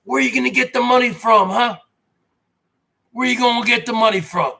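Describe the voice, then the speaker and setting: A man's voice: very high voice, a little fast, gravelly, pauses often, pushed and bright. A man hosting an online show, delivering a mocking, repetitive rant at rivals and calling them brother. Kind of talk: ranting monologue to viewers.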